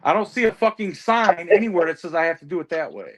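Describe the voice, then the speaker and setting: A man's voice: high-pitched, expressive, quick pace, crowd noise. A man who drives trucks, chatting casually and telling stories while swearing heavily. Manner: heavy swearing, ranting storyteller. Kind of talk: casual chat.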